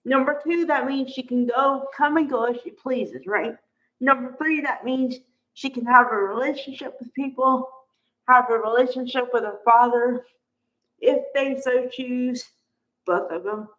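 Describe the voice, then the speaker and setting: A woman's voice: high-pitched, measured pace, fairly bright tone. A woman chatting casually through a soap opera recap, acting out the characters' lines with exclamations. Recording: dull lo-fi audio.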